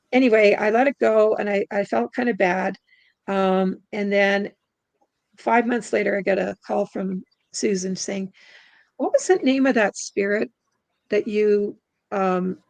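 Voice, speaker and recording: A middle-aged woman from Canada tells a long personal story in casual interview talk. Her voice has a gravelly edge at a medium pitch. She rambles, restarts often and leans on fillers. The sound is dry and close. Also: dry recording, poor audio. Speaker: guest spirit releasement practitioner.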